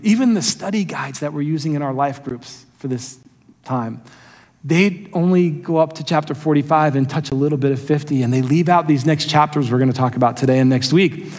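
Animated man preaching in a reverberant hall. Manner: storytelling, animated, acts out quotes in higher voice. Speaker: pastor. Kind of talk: sermon.

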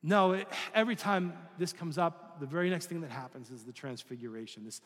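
A man's voice: on the high side, a little fast, a bit bright, big-room sound. A male pastor giving a sermon in a conversational style, asking the listeners questions and sometimes acting out voices. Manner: conversational preaching with rhetorical questions and acted-out voices.

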